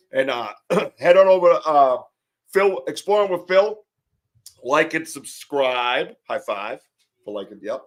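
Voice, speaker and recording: Chatty, excitable man hosting a live stream. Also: fairly high pitch, no echo. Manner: chatty and excitable, with loose restarts. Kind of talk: casual live stream banter. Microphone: streaming setup mic.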